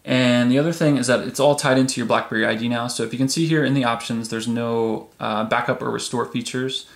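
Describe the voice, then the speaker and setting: A man hosting a casual tech video, demonstrating a phone app in a relaxed, chatty way with frequent ums. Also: medium pitch, brisk. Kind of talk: casual product demo. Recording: echoey room.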